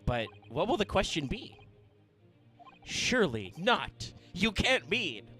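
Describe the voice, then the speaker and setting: A man playing a nervous young defendant from a video game, in a bright, tense voice that jumps up and down. He asks urgent, earnest questions, with faint game music behind him. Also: sits high, very animated, takes it slowly, voice pushed up, exaggerated voice. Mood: worried. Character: anxious young male defendant.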